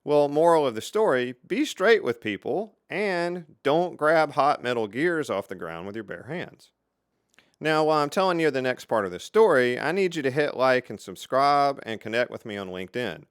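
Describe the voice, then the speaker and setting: A middle-aged man hosting his own channel, telling stories from his engineering career in a casual, lively way. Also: mid-range voice, clear, resonant tone, no echo, clean studio sound. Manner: lively, animated storyteller with dramatic pauses. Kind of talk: casual storytelling to camera.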